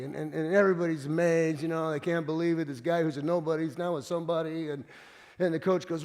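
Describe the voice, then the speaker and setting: A man's voice: on the high side, fairly even intonation, fast, darkish tone. A man preaching a sermon as pastor, telling stories in a conversational way with frequent restarts. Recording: long reverb of a church hall.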